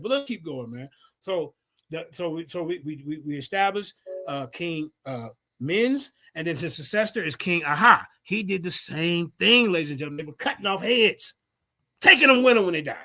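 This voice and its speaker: Man, high and lively voice, cocky debate-stream host on a heated rant. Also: moderate pace. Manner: brash, profane, mocking, reads out sources. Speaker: livestream host.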